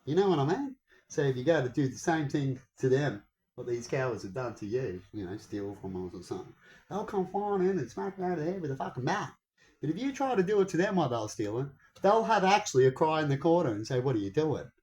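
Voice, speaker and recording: A man's voice: a little high, very animated, fast talker, a little mellow, rough recording. A young man ranting heatedly to his viewers in a casual vlog, swearing often. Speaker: vlogger.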